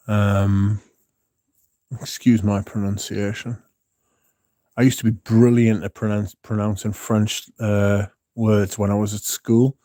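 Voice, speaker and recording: This livestream host has a fairly low, warm voice. Casual and rambling, he works through stories, reads out viewer comments to respond to them, and swears here and there.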